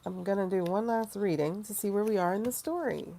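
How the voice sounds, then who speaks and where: A woman hosting a casual livestream tarot reading, chatty and animated, with sudden mocking asides to her viewers. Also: mid-range voice, a little fast, creaky, a little hiss or hum. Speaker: tarot reader and livestream host.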